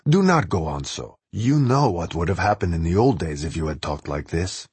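Man doing a hushed menacing trench-coat heavy. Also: big pitch swings, normal speed, husky, dry recording, exaggerated voice. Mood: quietly menacing. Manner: low, soothing, menacing. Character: big hushed male secret-police type in trench coat.

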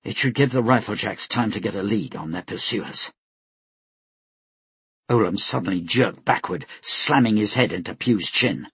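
A man narrating a novel at a steady, measured pace. His voice sits low and husky, and the recording is close and dry. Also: no room sound. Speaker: audiobook narrator. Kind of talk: scripted narration.

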